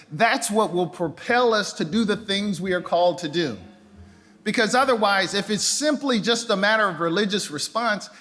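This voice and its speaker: An older man preaching a sermon in a church sanctuary, his voice fairly high for a man. His delivery is loose and conversational, and he slips into playful acted-out voices. A long reverb from the hall trails after his words. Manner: conversational and animated, acting out voices with pitch jumps. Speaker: pastor.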